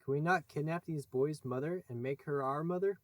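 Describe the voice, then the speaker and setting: A man's voice: on the high side, fairly quick, dry recording, close to an everyday voice. A man doing a simple, eager pirate sidekick. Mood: naive. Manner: eager, naive.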